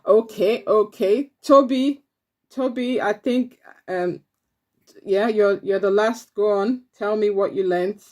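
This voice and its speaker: A woman's voice: medium pitch, slow pace, a little mellow. Woman teaching a preteen church class. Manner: encouraging, repeats children's answers. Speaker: Sunday school teacher.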